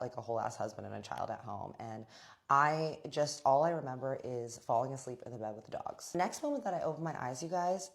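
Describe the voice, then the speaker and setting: A young adult woman telling a personal story to her viewers in a casual, animated way, quoting others in her own voice. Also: very deep voice. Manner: animated, acts out quoted friends in her own voice, frequent "like". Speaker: storytime vlogger.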